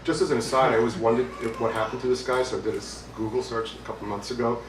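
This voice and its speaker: Middle-aged author reading, roomy and distant. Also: male voice, medium pitch, fairly even intonation, very fast, slight background noise. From Brooklyn, New York. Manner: conversational, hesitant with fillers, amused. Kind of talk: book reading with asides. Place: bookstore, indoors, with audience. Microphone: distant mic. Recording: roomy, distant mic, faint ambience.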